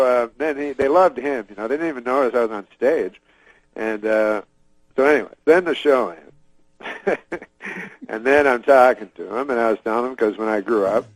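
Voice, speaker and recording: A man telling a long anecdote in a deadpan, meandering way, with frequent filler words, restarts and chuckles to himself. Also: medium pitch, dry recording, low-quality recording. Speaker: guest. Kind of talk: rambling anecdote.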